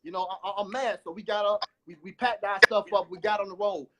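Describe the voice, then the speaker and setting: High-voiced man telling his story. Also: fast talker, crowd noise. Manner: repetitive, animated storytelling with many restarts. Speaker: guest giving a testimony. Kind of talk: emotional life-story testimony. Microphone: phone.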